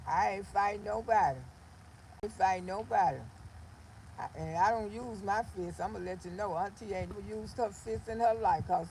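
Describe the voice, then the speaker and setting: Gravelly older woman telling blunt stories. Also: medium pitch, a little hiss or hum, rough recording. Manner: blunt, animated storytelling with quoted asides. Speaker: livestream host. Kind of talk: casual monologue on a livestream.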